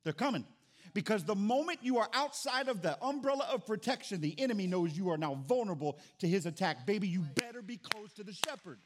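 A middle-aged man preaching a sermon as pastor, with dynamic delivery that swings from quiet to loud. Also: sits high, very animated, fairly quick.

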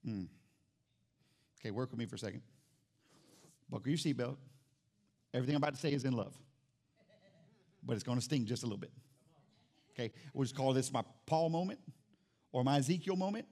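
A male pastor preaching an animated sermon in church, calling out to the congregation and acting out little scenes. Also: mid-range voice, a little fast, pauses often. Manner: animated, acts out quotes, calls out to congregation.

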